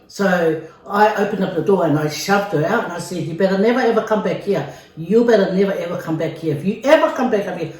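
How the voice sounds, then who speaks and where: A middle-aged Samoan woman vlogger tells a story casually during a mukbang, chatty and full of fillers and repetitions. Her voice is fairly low and a little mellow. The mic is distant and the room very echoey.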